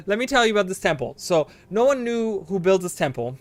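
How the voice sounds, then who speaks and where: A man's voice: high voice, sing-song, a little fast, few pauses, faint music behind. A man streaming a game live, rambling to his viewers with bursts of delighted exclamations and casual swearing. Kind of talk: casual live gameplay commentary.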